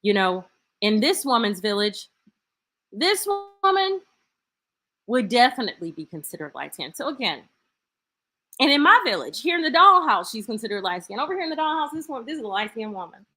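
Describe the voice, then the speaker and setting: A woman's voice: on the high side, very animated, brisk, sharp tone. Chatty woman hosting a live stream. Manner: chatty, playful, thinks aloud with restarts. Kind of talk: casual live stream commentary.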